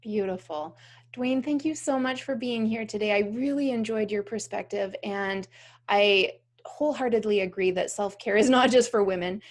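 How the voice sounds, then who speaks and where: A woman's voice: medium pitch, normal speed. A woman hosting a podcast, affirming her guest, thanking him and laughing often. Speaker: podcast host. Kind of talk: casual interview.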